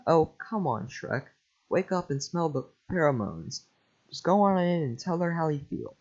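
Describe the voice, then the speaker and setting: A man voicing an excitable male talking donkey in a casual script reading, chatty and quick to panic. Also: on the high side, pitched above the performer's own voice. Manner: jittery, chatty, yelps in panic. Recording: lo-fi home mic.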